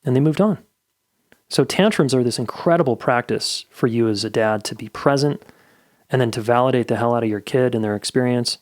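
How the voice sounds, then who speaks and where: A man's voice: medium pitch, brisk, no room sound, studio quality. Blunt, candid middle-aged man podcasting. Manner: candid, blunt, swears casually. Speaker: podcast host. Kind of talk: solo advice podcast monologue.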